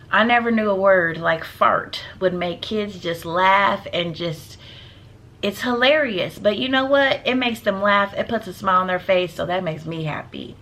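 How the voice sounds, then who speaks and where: A woman's voice: medium pitch, a bit bright. A woman teacher giving casual, emphatic classroom advice, often calling her viewers "y'all.".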